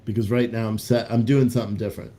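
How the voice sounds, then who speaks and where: A man's voice: fairly low pitch, level tone, fast, mellow. A man hosting a casual livestream, rambling bluntly with profanity and restarts while reading out chat comments. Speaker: livestream host.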